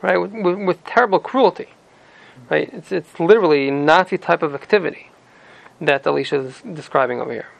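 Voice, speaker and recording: High, gravelly-voiced man teaching scripture. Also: brisk, a little hiss or hum, poor audio. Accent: Ashkenazi Hebrew pronunciation. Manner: reads verses in Hebrew, then retells them in plain English. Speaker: Torah teacher. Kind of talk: explaining a scripture text to a student.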